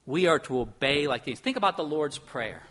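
Middle-aged pastor, bright forceful tone, higher-pitched, emphatic sermon delivery. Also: male voice, lively intonation, moderate pace. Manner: earnest, emphatic preaching with shifts from soft to loud.

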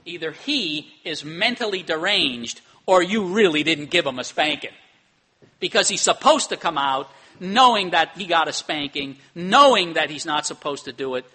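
A man's voice: on the high side, lively intonation, moderate pace, pushed and bright, breathy edge. A middle-aged man preaching a sermon in a conversational way, often ending points with tag questions. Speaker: pastor.

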